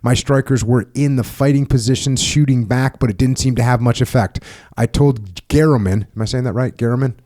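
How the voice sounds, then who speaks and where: A man hosts a podcast and reads from a war memoir in a steady, measured voice. His tone is dark and mellow. The sound is dry and close to the mic. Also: mid-range voice, no echo. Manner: steady, measured reading with brief questions. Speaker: podcast host. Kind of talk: reading a memoir aloud and interviewing.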